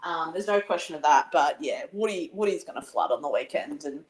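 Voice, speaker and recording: A woman with an Australian accent co-hosting a casual sports chat, telling quick anecdotes with laughs and little impressions of people. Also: sits low, poor audio. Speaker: podcast co-host.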